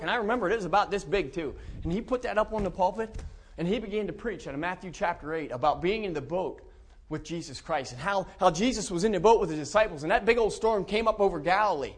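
A middle-aged man from central Pennsylvania, telling his conversion story to a church in a folksy, chuckling way. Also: sits high. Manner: folksy storytelling, warm chuckles, many restarts. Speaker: preacher giving testimony. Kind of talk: personal testimony in a church.

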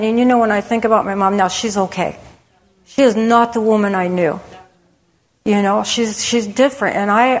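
A middle-aged woman giving a candid personal testimony to a church audience, conversational and frank, with many restarts. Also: mid-range voice. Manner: candid, conversational, with frequent restarts and "you know". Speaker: women's ministry speaker. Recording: long hall reverb.

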